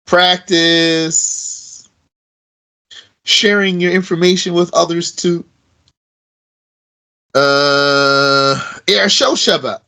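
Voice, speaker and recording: A man teaching an Arabic grammar lesson in a casual way, slowly repeating verb forms aloud with fillers like "you know". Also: fairly high pitch, flat delivery, sharp tone, clean tone, low-quality recording. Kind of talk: recorded lesson.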